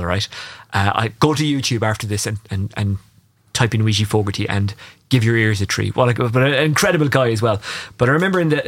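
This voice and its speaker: Fast-talking Irish radio sports host. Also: male voice, medium pitch. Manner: animated anecdotes with quoted dialogue. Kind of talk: casual radio chat, storytelling.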